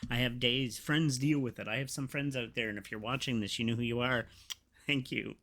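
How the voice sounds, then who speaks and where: A man hosting a podcast, talking in a rambling, emotional, halting way with many fillers. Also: medium pitch, fairly even intonation, a bit bright. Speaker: podcast host. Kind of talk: casual confessional podcast talk.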